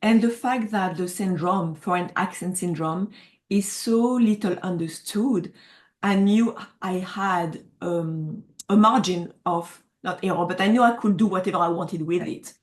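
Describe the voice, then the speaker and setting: A woman's voice: lowish voice, a little slow. French-accented woman, earnest author guest. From France. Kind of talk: casual interview chat.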